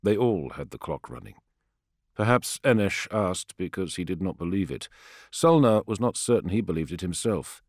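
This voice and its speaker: A man narrating an audiobook in a measured, grave storytelling manner, recorded on a close studio microphone. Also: sits low, expressive, darkish tone, no echo. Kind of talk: scripted dramatic narration.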